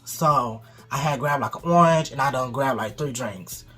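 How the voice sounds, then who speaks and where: A man's voice: medium pitch, normal speed, husky, soft background music. A man casually telling a dramatic story to his co-host. He swears freely, acts out what people said and laughs often. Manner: animated, profane, acts out quotes, laughs often.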